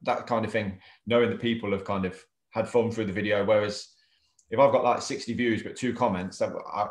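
A man's voice: on the low side, fairly even intonation, brisk. Chatty English man, roomy sound. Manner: chatty, laughs easily, restarts often. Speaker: co-host of a collectors' chat show. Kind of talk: casual video-call chat.

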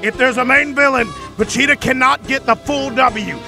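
A man playing a proud, furious warrior prince in a comedic cartoon parody rant, yelling and swearing sarcastically. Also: very high voice, moderate pace, soft background music, exaggerated voice. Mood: sarcastic ranting. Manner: ranting, yelling, profane and sarcastic. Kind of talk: comedic character rant video.

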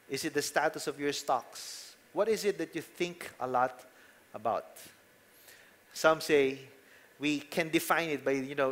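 A man's voice: fairly high pitch, a bit bright. A man with a Filipino accent preaching a sermon, telling stories casually and asking the congregation rhetorical questions. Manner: conversational storytelling, mixing in Tagalog phrases. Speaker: pastor.

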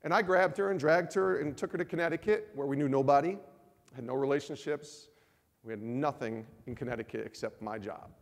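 A man's voice: mid-range voice, brisk, creaky, big-room sound. A man in his forties sharing a personal testimony with a men's group, acting out both sides of his conversations. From Northeast US. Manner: animated storytelling, acts out both sides of conversations. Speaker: speaker at a men's ministry event.

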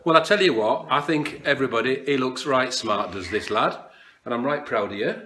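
A man's voice: mid-range voice, brisk, pushed and bright. A man with a Yorkshire accent hosting his own vlog, chatting casually in broad dialect phrases. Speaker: vlog host. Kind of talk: casual chat.

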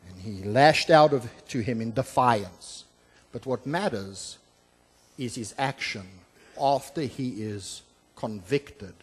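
A man preaching as a pastor, explaining scripture verse by verse, with frequent "uh" fillers and restarts, swinging between emphatic and soft, low delivery. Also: slow pace, husky, in a large hall. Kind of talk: sermon. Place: church sanctuary.

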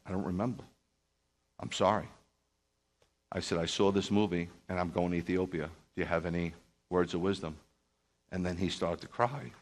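A man, a Messianic rabbi, telling a story to a group in an emphatic sermon style and acting out quoted dialogue. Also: low-pitched. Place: speaking live to a group.

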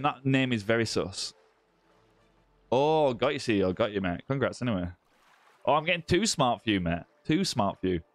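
A man's voice: medium pitch, no echo. A man hosting a live gaming stream, chatting casually with viewers and greeting them by name. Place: indoor room with ring light.

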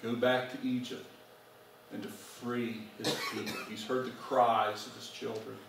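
A man's voice: mid-range voice, little pitch movement, measured pace, creaky, a bit bright, a little hiss or hum. A male pastor preaching a sermon to his congregation, asking them direct questions. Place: church sanctuary. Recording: very echoey church recording from far off.

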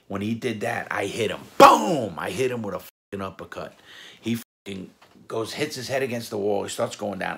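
Man, deep voice, gravelly, blunt profane storyteller, casual prison tales. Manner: profane, blunt, animated retelling with quoted dialogue. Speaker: former jewel thief telling prison stories.

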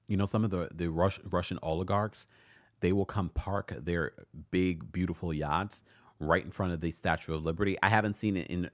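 A man's voice: low voice, a bit bright. A man hosting a casual live-stream recap, reading viewer comments aloud and chatting with frequent laughs and asides. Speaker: recap show host reading live chat.

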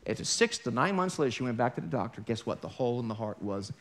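A man's voice: mid-range voice, very animated, fast talker. A man preaching a sermon in a church, talking to the congregation in a conversational way with wry, joking asides. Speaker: pastor. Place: church sanctuary.

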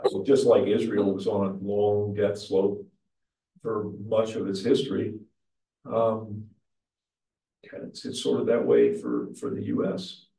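A man who is a pastor leading an adult church class, speaking in a measured, explanatory way and putting questions to the group. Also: on the low side, vocal fry, warm tone. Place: church meeting room. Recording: echoey room, mic far off.

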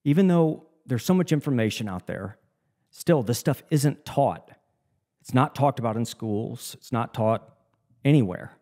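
A man's voice: mid-range voice, lively intonation, measured pace, dark tone. A man co-hosting a podcast, talking in an earnest, reflective, motivational way in casual chat. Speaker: podcast co-host.

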